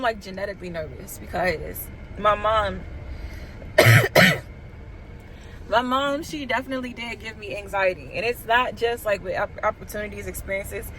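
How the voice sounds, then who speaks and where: Nervous, giggly young woman vlogging from a car, slightly high voice, faint street noise. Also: a bit bright, poor audio. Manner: nervous, giggly, chatty, talking to viewers as girls. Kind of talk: casual vlog chat. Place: parked car.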